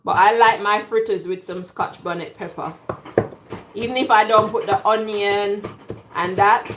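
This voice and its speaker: Slow-talking Jamaican woman, chatty cook. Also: mid-range voice, steady tone, background noise. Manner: chatty, jokey, laughs often. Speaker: cooking vlogger. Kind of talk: casual cooking chat. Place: home kitchen.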